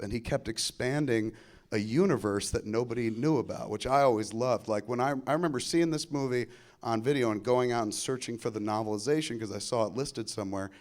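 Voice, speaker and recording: A man hosting a casual fan chat, enthusiastic and swearing freely. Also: mid-range voice.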